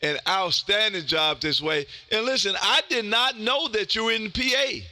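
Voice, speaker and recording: A man hosting a ham radio stream, loud and folksy, calling out for contacts. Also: high-pitched, normal speed. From Texas.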